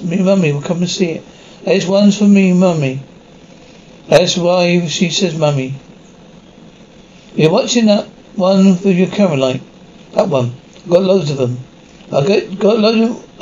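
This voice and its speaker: A man's voice: high voice, a little mellow. A man playing a rambling, childlike, crude prison inmate in a scripted sitcom, talking bluntly and swearing casually. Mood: eager. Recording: slightly muffled TV sound with faint noise.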